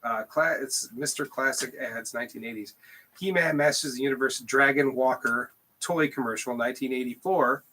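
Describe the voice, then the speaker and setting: A man's voice: medium pitch, moderate pace, pushed and bright, a little hiss or hum. A man co-hosting a podcast, chatting casually and laughing often. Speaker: podcast co-host. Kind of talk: casual chat.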